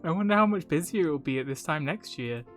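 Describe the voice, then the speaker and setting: A man's voice: fairly high pitch, lively intonation, over music, natural voice. Man doing a polite old cafe-owner bird. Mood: kindly. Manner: formal, gentle, measured.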